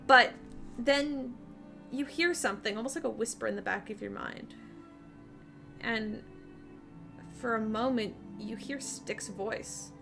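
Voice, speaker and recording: A woman's voice: on the high side, unhurried, gravelly, long pauses, over music. A woman game master narrating a tabletop game over an online voice call, describing scenes with fillers and restarts.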